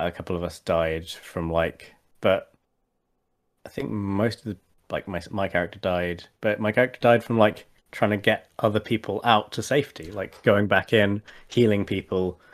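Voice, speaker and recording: A man's voice: on the low side, a little slow. A man chatting casually as a podcast co-host and tabletop player, rambling with many fillers and restarts. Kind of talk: casual chat.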